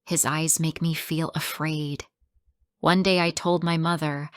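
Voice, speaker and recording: Slow, low-voiced woman storyteller. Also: flat delivery, no room sound, studio quality. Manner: simple, clear sentences, first-person telling. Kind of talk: slow scripted story narration for English learners.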